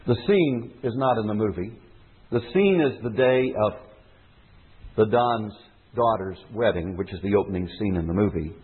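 A male preacher delivering a sermon with earnest emphasis, his voice husky and a little rough. The sound is narrow and phone-like, like an old tape of a church service. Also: on the low side, animated, moderate pace. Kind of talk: sermon with read-aloud novel excerpt. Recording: tinny phone-like sermon recording.

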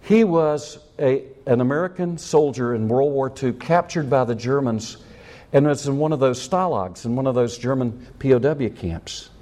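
A man's voice: medium pitch, normal speed, mellow. A man preaching a sermon, cracking jokes and acting out scenes in voices. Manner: jokey, acts out scenes in voices. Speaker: pastor.

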